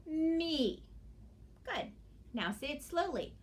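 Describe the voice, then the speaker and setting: A woman teaching young children phonics speaks slowly, drawing each word out sound by sound. Her pitch swings widely in a sing-song teacher voice. She pauses often to check the children are following. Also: sing-song.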